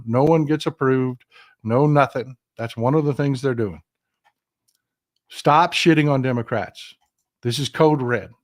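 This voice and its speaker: An older man hosting a political commentary livestream, talking with passion and emphasis, repeating phrases, and reading viewer comments aloud. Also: a little high. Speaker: livestream host.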